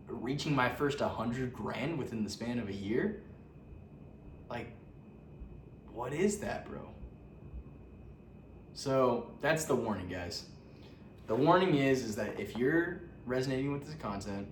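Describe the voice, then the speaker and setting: A young man talking casually to camera as a vlogger, slangy and profane, full of fillers and restarts. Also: medium pitch. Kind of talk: casual motivational talk to camera. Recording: roomy, distant from the mic, faint background noise.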